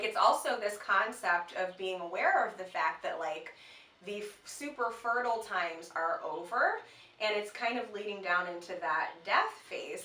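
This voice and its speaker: A woman co-hosts a casual chat in a mid-range voice that sounds pushed and bright. She talks loosely and chattily with lots of fillers, and the mic sits at a distance in an echoey room.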